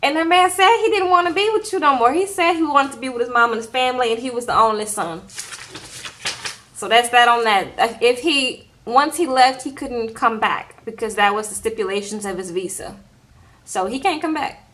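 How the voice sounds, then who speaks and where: A young woman talks straight to her camera in a casual vlog, recapping an episode with lively retold quotes and laughter. Her voice sits a little high and sounds bright and forward. She keeps a loose, conversational flow. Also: moderate pace, a little hiss or hum. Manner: chatty, animated retelling with quoted voices and laughs. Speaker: reality show recap vlogger.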